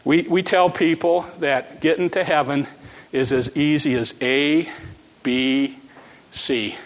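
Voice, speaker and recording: A man preaching a sermon, repeating his phrases with emphasis and swinging from quiet lines to shouts. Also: on the high side, fairly even intonation, slow pace, in a large hall.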